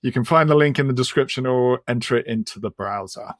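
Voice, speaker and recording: A man's voice: medium pitch, brisk, no echo, clean studio sound. Upbeat man podcast co-host. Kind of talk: casual podcast chat.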